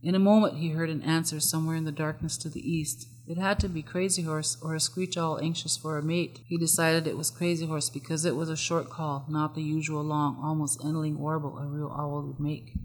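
A narrator reads a story aloud in an even, measured manner, at a middle pitch. The voice carries a long, lingering reverb, as if recorded in a large hall. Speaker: audiobook narrator. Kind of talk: scripted narration.

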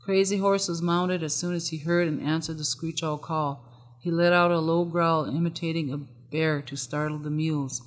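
Measured audiobook narrator in a reverberant hall. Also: mid-range voice. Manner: steady, measured storytelling. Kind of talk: scripted narration.

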